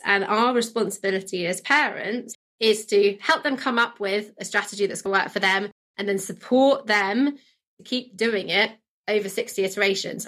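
A woman guest expert explaining her ideas in a calm, upbeat conversational way. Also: mid-range voice. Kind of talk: conversational interview.

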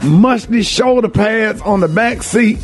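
A man's voice: high-pitched, measured pace, faint music behind. An older man, hosting a morning radio show and delivering an impassioned monologue with a lot of emphatic repetition. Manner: emphatic and preachy, repeats phrases for emphasis.

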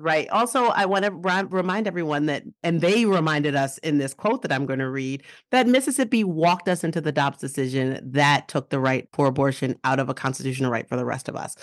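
Low-voiced woman hosting a chatty podcast, animated, dry close sound. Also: dry recording. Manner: animated, laughs often. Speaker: podcast host. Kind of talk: casual podcast chat.

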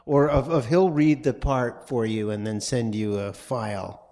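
A man from New York City, a stage actor appearing as a guest on a live podcast, speaking in a halting, self-deprecating way and often trailing off. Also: mid-range voice, steady tone, darkish tone.

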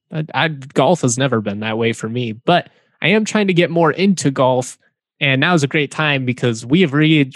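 A man's voice: mid-range voice, no room sound, clean studio sound. A man co-hosting a sports podcast in casual chat, easygoing and teasing.

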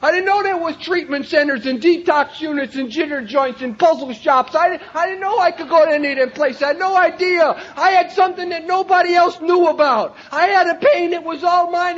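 Older man, unusually high voice, emphatic recovery-meeting speaker, muffled lo-fi recording. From Cleveland, Ohio, USA. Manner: emphatic, raises voice to a shout then drops low. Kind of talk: personal recovery story told to a meeting. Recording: dull lo-fi recording.

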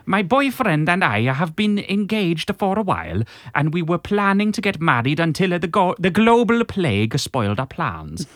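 A man reading out a listener's letter in a mock Welsh-Italian accent, in a slow, deliberate sing-song. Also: high voice, sing-song, a bit bright, no echo, studio quality, pitched above the performer's own voice. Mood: earnest.

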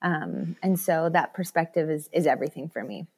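A woman's voice: deep voice, moderate pace, slight background noise. A woman talking as a podcast guest, telling candid stories and acting out the voices of the people in them. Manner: animated storyteller who acts out quoted voices. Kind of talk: candid conversational interview.

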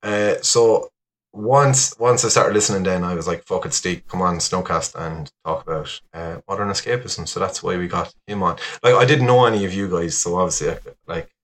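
A man's voice: sits low, moderate pace, fairly bright tone. An Irish man with an Irish accent, a podcast guest in casual, rambling, self-deprecating chat. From Ireland.

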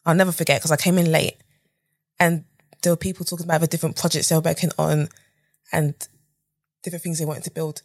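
A young adult woman from the UK, a podcast guest telling a lively story and acting out what people said. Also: fast talker, long pauses. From United Kingdom. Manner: animated storyteller, acts out quotes with big pitch jumps and whispers. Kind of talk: casual storytelling interview.

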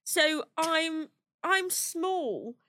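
High-voiced woman telling a funny story. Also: very slow, no room sound, clean studio sound. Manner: animated, laughs through a comic anecdote. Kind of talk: casual storytelling chat. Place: podcast studio.

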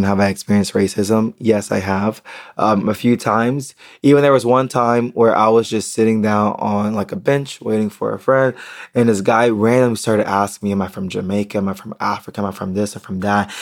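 An American young man speaking candidly in an unedited solo podcast monologue, halting with ums and restarts. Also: lowish voice. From United States. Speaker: podcast host.

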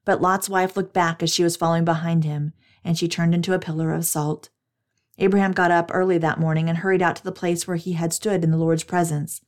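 A woman narrates scripture in a steady, measured reading. Her voice sits lowish and even.

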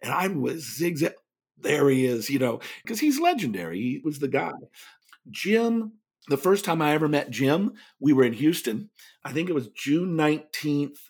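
Animated male speaker telling stories. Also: medium pitch, breathy edge. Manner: animated, does lively impressions of others. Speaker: guest speaker. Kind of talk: podcast interview storytelling.

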